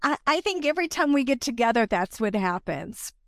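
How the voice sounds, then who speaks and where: A woman being interviewed as a guest speaker on a podcast, replying with warm, touched affirmation. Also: fairly high pitch, big pitch swings, moderate pace, no room sound, studio quality.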